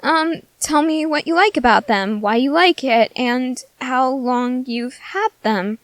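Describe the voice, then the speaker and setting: A woman's voice: high-pitched, slow, dry recording. A woman voicing a food-obsessed teenage soldier girl in an ASMR audio drama, whiny and melodramatic. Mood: chatty. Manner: whiny, melodramatic, easily sidetracked.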